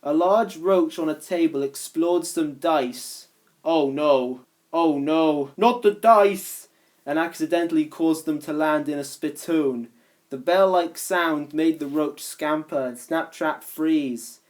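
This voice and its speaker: A woman's voice: deep voice, fairly even intonation, measured pace, darkish tone. A woman reading a fan story aloud, shifting voices for each character. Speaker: reader.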